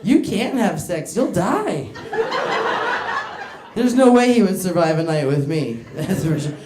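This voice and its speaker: A woman doing a crude, self-mocking stand-up set on a club stage, laughing through her lines, teasing the crowd, her voice wearing hoarse. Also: fairly low pitch, expressive, measured pace, background noise. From United States. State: voice getting hoarse. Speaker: stand-up comedian. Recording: echoey club room.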